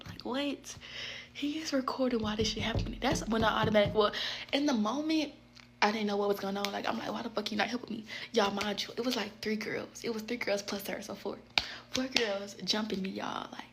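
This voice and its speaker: A young woman telling a story with emphatic energy, addressing listeners directly. Her voice sits in a middle range. A faint hum runs in the background. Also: medium pitch. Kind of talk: casual storytime.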